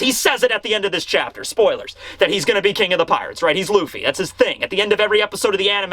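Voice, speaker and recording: An animated young man reviews a manga chapter in casual chat, jumping into scenes as he talks. His voice is high and bright, recorded dry and close. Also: fast talker, hardly any pauses, no room sound.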